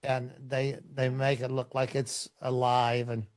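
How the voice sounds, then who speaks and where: A middle-aged man, a pastor, telling stories in a relaxed, rambling way, with many fillers and restarts. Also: medium pitch, unhurried. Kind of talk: conversational storytelling in a podcast interview.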